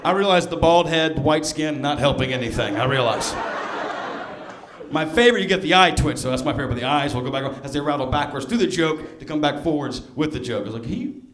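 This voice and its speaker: A man from near Birmingham, Alabama, with a mild Southern accent, doing a stand-up set in a sardonic, storytelling way with quick asides to the crowd. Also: fairly high pitch, noisy background. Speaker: stand-up comedian. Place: comedy club stage. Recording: echoey club room with crowd laughter. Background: audience laughter.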